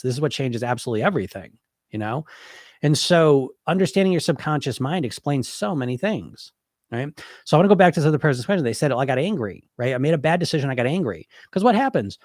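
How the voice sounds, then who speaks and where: This middle-aged hypnotist weight coach hosts his podcast while stuffed up with a head cold, answering questions in a laid-back live stream. His mid-range voice is animated and fairly quick, blunt and rambling with lots of "you know" fillers, captured in a dry, studio-quality recording.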